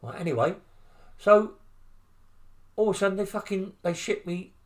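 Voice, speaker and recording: A man's voice: high voice, animated, moderate pace. An older man with a London accent telling prison stories in an interview, blunt and rambling, full of swearing and tag questions. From England. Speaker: interviewee, former criminal. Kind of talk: storytelling interview.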